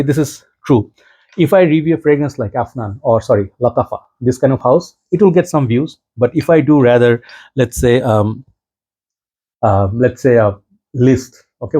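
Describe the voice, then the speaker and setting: A man's voice: medium pitch, breathy edge. A man, giving a rambling, reflective casual vlog monologue as a fragrance YouTuber. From Bangladesh. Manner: rambling, reflective, animated when telling a story. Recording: dull lo-fi recording.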